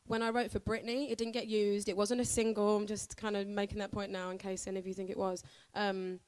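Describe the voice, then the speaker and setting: A woman's voice: mid-range voice, no room sound. A woman, chatting in a bubbly, casual way as a singer answering questions from a live audience. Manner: bubbly, chatty, laughs often.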